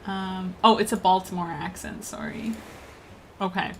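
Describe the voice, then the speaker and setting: A woman's voice: on the low side, a little slow, slight background noise. A Canadian woman streaming a game, chatting casually in a rambling way with lots of fillers and easy laughs. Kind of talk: casual gaming stream chat.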